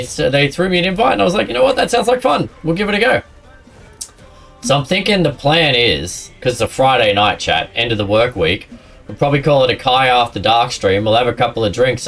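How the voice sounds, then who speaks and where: A man streams a game, casually chatting with viewers and a friend, laughing often and rambling. His voice is medium-pitched with a fairly bright tone, and he sounds far from the mic.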